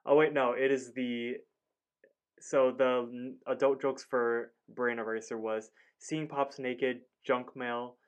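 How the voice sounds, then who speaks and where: A man co-hosts a casual podcast and talks through a cartoon episode in a loose, rambling way. He keeps saying "like" and acts out bits of dialogue as he goes, and his voice sits at an everyday middle pitch. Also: level tone, slow pace, clean tone. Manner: rambling, lots of "like", acts out lines. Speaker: podcast co-host. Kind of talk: casual cartoon recap chat.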